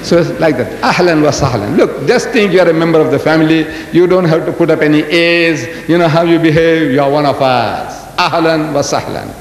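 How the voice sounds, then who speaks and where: An older man giving an animated religious lecture, telling stories and asking the audience rhetorical questions. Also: fairly quick, few pauses. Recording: echoey hall with faint rumble.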